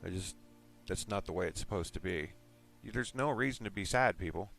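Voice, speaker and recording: A man with a fairly low voice talks casually to his live stream viewers. He rambles and teases, jumping from one thought to the next. Faint music plays underneath. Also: a little fast, creaky, a bit bright. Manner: joking, rambling, teasing.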